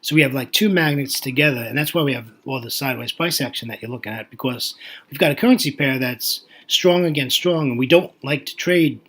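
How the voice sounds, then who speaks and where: A man's voice: mid-range voice, brisk, fairly bright tone. A man commenting on currency charts in a chatty, folksy way, thinking aloud with fillers and restarts. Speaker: forex market analyst.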